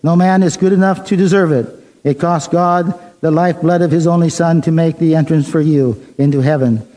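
A man preaching a sermon, telling a story in a measured way and reading the dialogue plainly. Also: a little high, fairly even intonation, warm tone, rough recording.

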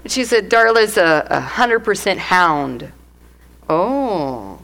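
A middle-aged woman giving a lively church testimony, laughing often and acting out the voices of people in her story. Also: on the low side, slow, vocal fry, rough recording. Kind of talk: testimony sermon.

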